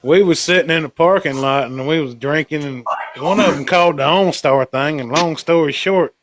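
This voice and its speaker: A man chatting casually on a podcast, laid-back and quick to laugh. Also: a little high, a bit bright. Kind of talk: casual chat. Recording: faint background noise.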